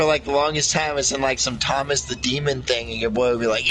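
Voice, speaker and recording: A man's voice: medium pitch, little pitch movement, brisk, hardly any pauses, a bit bright, soft background music, rough recording. Profane rambling young man. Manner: rambling, profane, laughing often. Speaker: casual chat friend. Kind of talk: crude casual chat.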